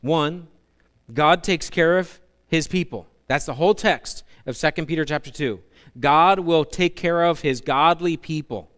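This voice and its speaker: Brief: male pastor, animated storytelling sermon, smooth resonant voice. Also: on the high side, measured pace. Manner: animated storytelling with humorous asides.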